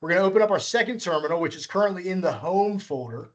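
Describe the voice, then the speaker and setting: A man's voice: high-pitched, lively intonation, fast. Patient man teaching a coding workshop. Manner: patient, walks through steps, self-correcting. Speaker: workshop instructor. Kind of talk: live coding tutorial.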